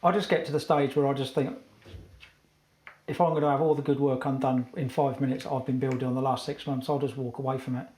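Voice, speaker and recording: A man's voice: mid-range voice, quick pace. A middle-aged man, talking bluntly and acting out quotes as he tells what happened. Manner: blunt, animated retelling with acted-out quotes. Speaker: shop manager. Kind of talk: casual chat. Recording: echoey room with faint noise.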